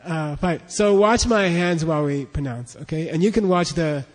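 A man's voice: a little high, normal speed. A man teaching a class, leading a pronunciation drill and patiently repeating syllables for students to echo. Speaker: language teacher. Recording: long hall reverb.

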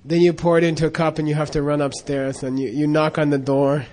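A man's voice: a little high, little pitch movement, brisk, darkish tone. A man telling a casual, rambling story with lots of fillers and frequent laughs. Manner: rambling, many fillers and restarts, laughs often.

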